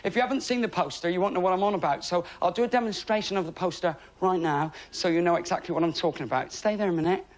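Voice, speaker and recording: A middle-aged man from England doing a stand-up comedy routine, chatty and self-mocking, with deadpan asides to the crowd. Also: high voice, quick pace, hardly any pauses. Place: TV studio before a live audience. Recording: loud studio audience laughter and noise.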